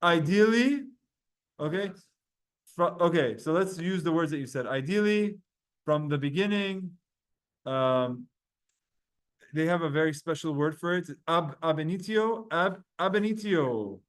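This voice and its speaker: A man teaching a Talmud class online, energetic and quick, putting questions to his students. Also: fairly high pitch, smooth.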